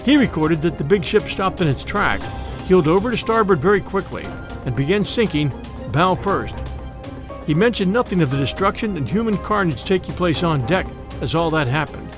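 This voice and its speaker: A man narrating a second-person historical audio story in an expressive storytelling manner. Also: high-pitched, normal speed, music in the background.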